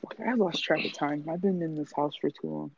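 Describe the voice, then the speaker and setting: Gravelly young man, lo-fi. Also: fairly high pitch, fairly quick, background noise. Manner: profane, joking storyteller. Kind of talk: casual chat. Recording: dull lo-fi sound.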